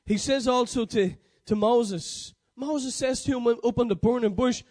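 High-voiced man preaching emphatically. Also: a little slow, darkish tone. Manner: emphatic, repetitive declarations with frequent self-corrections. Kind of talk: sermon.

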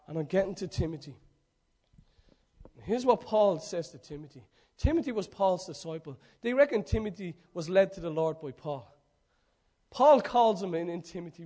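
A man's voice: high-pitched, expressive, normal speed, a little mellow. A man preaching a fervent sermon, building with rhetorical repetition.

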